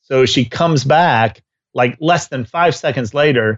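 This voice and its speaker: A man who trains dogs, co-hosting a podcast in casual chat and telling stories with lively acted-out bits. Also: mid-range voice, a little slow, highs cut off. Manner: animated storyteller who acts out scenes. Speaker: dog trainer and co-host.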